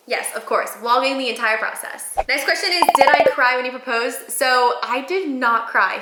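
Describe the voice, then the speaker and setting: A woman in her twenties, chatting excitedly to camera as a vlogger and telling a story. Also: on the high side. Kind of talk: casual chat. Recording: echoey room.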